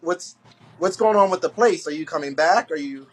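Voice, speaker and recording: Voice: medium pitch, normal speed, slightly rough. A host on a live stream asking casual questions and pressing by repeating them.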